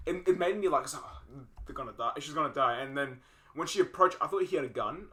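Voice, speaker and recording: A man's voice: on the high side, a little fast, bright, forceful tone. A young man co-hosting a podcast, casually retelling film scenes in a rambling way with many fillers and restarts. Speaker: podcast co-host.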